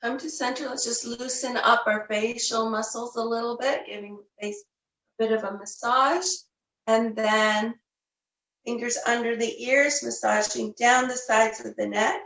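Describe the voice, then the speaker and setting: A woman teaching a yoga class, giving gentle, unhurried cues with the odd filler. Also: on the high side, steady tone, far from the mic. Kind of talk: guided yoga class instruction. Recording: roomy, voice a bit off the mic.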